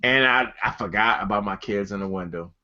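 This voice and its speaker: Middle-aged male co-host; crude, animated storyteller, bright voice, lo-fi mic. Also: lowish voice, fairly quick. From Detroit. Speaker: podcast co-host. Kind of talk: casual storytelling.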